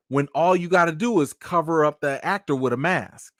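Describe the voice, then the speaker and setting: A man's voice: a little high, moderate pace, dry recording, clean studio sound. A man giving casual live-stream commentary, emphatic and slangy, firing off rhetorical questions.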